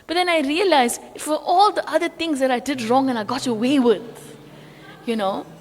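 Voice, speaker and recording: In a large hall, a spiritual teacher leads a devotional class, telling stories conversationally with asides and acting out the quotes. Her voice is high and her pace moderate.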